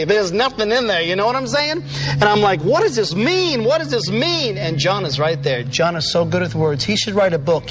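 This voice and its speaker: An actor playing an excitable, chatty disciple and fisherman in a comedic church video skit, rambling with lots of asides. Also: high voice, rough recording. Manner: rambling, goofy, full of asides. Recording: music bed under the voice.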